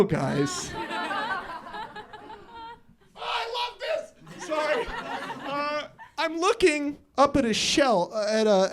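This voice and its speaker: A young man telling a personal story at a live storytelling show, often laughing through his lines and acting out his own thoughts. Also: high-pitched.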